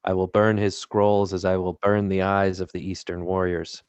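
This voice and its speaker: Man playing a solemn, deep-voiced sorcerer. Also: little pitch movement, darkish tone, smooth, dry recording, close to an everyday voice. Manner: formal, solemn, deliberate speech. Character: solemn male sorcerer, formal and devout.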